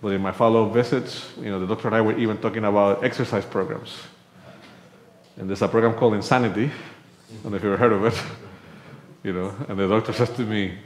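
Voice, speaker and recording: The recording comes from an echoey church sanctuary, where a man with a lowish voice and steady tone preaches at a quick pace. He relates a personal story in a conversational way, acting out what people said.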